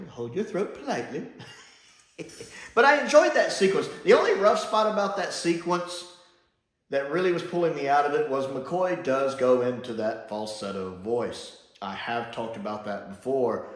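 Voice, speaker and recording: Chatty man, lively voice, echoey room. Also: medium pitch. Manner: chatty and rambling, acts out quoted lines. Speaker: video reviewer. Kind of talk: casual review vlog.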